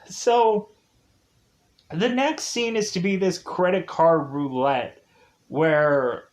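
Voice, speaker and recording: Rambling young-sounding man reviewing a show. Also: a little high. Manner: rambling, many fillers, laughs while retelling scenes. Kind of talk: casual spoken review.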